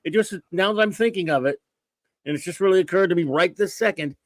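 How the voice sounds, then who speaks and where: Rambling American host, higher voice. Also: male voice, fairly bright tone, dry recording. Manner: rambling, thinks aloud with many restarts. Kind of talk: casual livestream chat.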